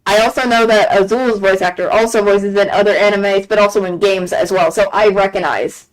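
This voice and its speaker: A woman streaming a game and chatting casually, gushing excitedly, repeating herself and laughing often. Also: mid-range voice, fairly quick, poor audio. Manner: excited gushing fan talk, frequent laughs and repeated phrases. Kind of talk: casual chat on a live stream.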